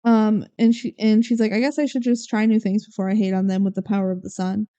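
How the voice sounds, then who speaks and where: A woman's voice: medium pitch, level tone, fast talker, mellow, smooth, muffled recording. A young woman co-hosting a podcast, casually recapping a movie and acting out the characters' lines. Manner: retells scenes with quoted character lines, frequent "like" and "um". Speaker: podcast co-host.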